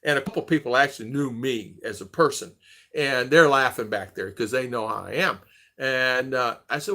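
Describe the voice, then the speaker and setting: A man's voice: mid-range voice, normal speed, sharp tone. An older man, host of a casual chat stream, rambling through a story and acting out the quoted dialogue with animation.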